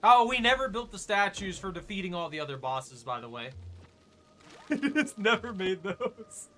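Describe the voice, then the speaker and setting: Bright high-voiced man gaming. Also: sing-song, moderate pace, soft background music. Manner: chatty, joking reactions to the game. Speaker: gaming video creator. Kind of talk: let's play commentary.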